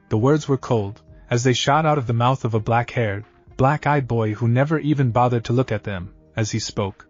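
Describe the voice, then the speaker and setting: A man giving a steady scripted fan fiction narration, muffled, with faint music behind. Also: medium pitch, normal speed.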